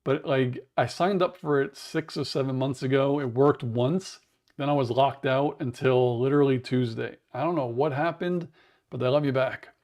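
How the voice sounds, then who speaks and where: A man with a raspy voice, chatting in a rambling way to viewers on a livestream from home, humming to fill the wait. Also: mid-range voice, fairly even intonation, normal speed, a little mellow. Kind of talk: casual livestream chat. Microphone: wearable mic.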